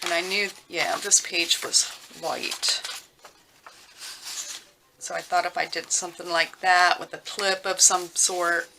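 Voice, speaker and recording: Slow, low-voiced woman chatting over crafts. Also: fairly even intonation, creaky. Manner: chatty, rambling, thinks out loud with fillers. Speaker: crafting vlogger. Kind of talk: casual craft tutorial chat. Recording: noisy with clicking sounds.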